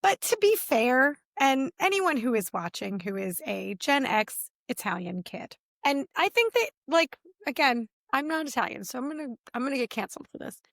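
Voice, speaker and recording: A woman co-host with a higher-pitched voice talks in a casual, animated way and slips into quoted voices as she tells her stories. The sound is dry and close, with no room echo. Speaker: podcast co-host. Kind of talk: casual chat.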